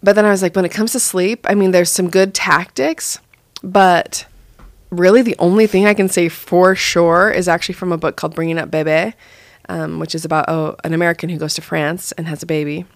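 A young woman and mother chatting casually about parenting, acting out her own lines in a higher voice. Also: fairly even intonation, fairly quick, no echo. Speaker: mother sharing parenting advice. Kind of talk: casual podcast chat.

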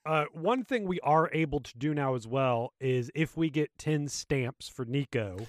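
Higher-voiced man narrating gameplay. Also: a little slow, no echo, studio quality. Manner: relaxed, narrates gameplay, jokes. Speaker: podcast co-host. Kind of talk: casual gaming chat.

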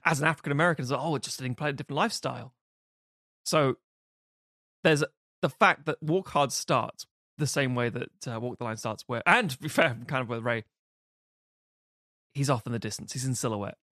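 Animated man recounting film scenes. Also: mid-range voice, moderate pace, dry recording, clean studio sound. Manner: animated, recounts scenes acting out quotes and laughing. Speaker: podcast co-host. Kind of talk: casual film chat.

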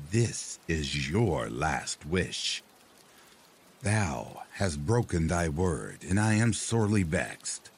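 Man doing a slow, stern old witch. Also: deep voice, slight background noise, exaggerated voice. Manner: slow, cold and archaic. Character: stern, ancient woodland witch.

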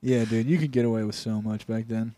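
A man's voice: on the low side, fairly even intonation, brisk, dark tone, no echo. A young man co-hosting a comedy podcast, chatting casually and joking around. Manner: joking, acts out mock voices. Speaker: podcast co-host.

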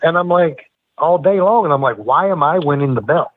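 A man's voice: fairly high pitch, expressive, fairly quick, phone-quality sound, noisy background. A man guesting on a wrestling podcast, telling profane, heated stories and acting out the arguments he quotes. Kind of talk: casual storytelling interview.

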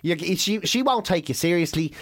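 A man's voice: high voice, lively intonation, moderate pace, a bit bright, slight background noise. A man co-hosting a podcast, telling crude comic stories, swearing a lot and hammering his points with repetition. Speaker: podcast co-host.

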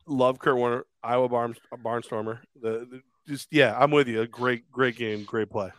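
A man's voice: medium pitch, fairly even intonation, moderate pace, a bit bright, clean tone, no room sound. A man co-hosting a podcast in casual chat, rambling and crude as he tells stories and acts out quotes. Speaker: podcast co-host.

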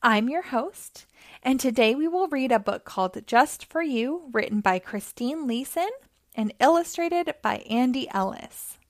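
A woman hosting storytime, reading a children's picture book aloud in a gentle, clear way. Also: sits high, expressive, measured pace, dry recording, clean studio sound. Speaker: storytime host.

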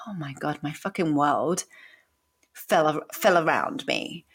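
A woman's voice: sits low, expressive, slow pace, breathy edge. A woman in her forties hosting a podcast, telling her own story in a candid, emotional way and swearing casually. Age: 40s. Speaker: podcast host. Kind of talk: personal story monologue.

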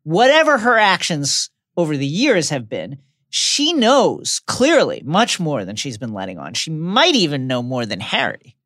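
A man's voice: fairly high pitch, wildly swooping pitch, measured pace, a bit bright, no room sound, clean studio sound. A man co-hosting a podcast, retelling a book's chapters in a dramatic, scripted way and acting out quotes. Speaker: podcast co-host. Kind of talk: podcast book recap, read from a script.

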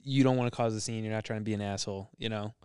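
A man's voice: fairly low pitch, steady tone, racing, mellow, clear, resonant tone, dry recording, studio quality. A young man hosting a podcast who jokes around, swears freely and retells stories with quoted lines. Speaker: podcast host. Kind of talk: casual chat.

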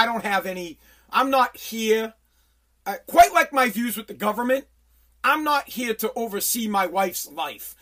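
A man's voice: sits high, fairly bright tone. A man hosting a solo podcast, ranting in an angry, profane way with lots of stumbling restarts. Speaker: podcast host.

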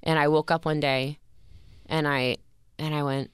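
A woman in her thirties, a podcast guest telling a personal story in an earnest, halting way with many restarts. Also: low-pitched, fairly even intonation, clear, resonant tone, dry recording, clean studio sound. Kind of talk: emotional interview storytelling.

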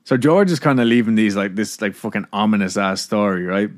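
Low-voiced man telling a story. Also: animated, a little fast. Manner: casual, laughs and swears between narration. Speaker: podcast host. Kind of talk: casual storytelling podcast.

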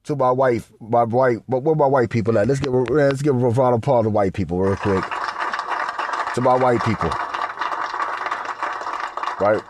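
A man hosting a podcast in crude, rambling casual commentary that swings up loud and high when he gets worked up. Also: moderate pace, long pauses, background noise. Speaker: podcast host. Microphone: podcast mic.

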